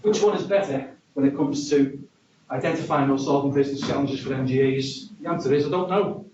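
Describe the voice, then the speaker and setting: A man's voice: medium pitch, fairly quick, a little mellow, slight background noise. Wry man presenting in an echoey hall. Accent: regional accent. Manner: wry, conversational, self-deprecating. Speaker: conference speaker. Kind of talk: conference presentation. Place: conference hall. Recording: distant, dull, echoey hall recording.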